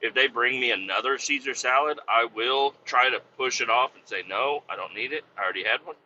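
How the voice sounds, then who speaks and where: A man's voice: medium pitch, brisk, sharp tone. A man telling a rambling story in a casual, exasperated way, swearing freely. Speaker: podcast host. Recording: dull, slightly lo-fi sound with faint noise.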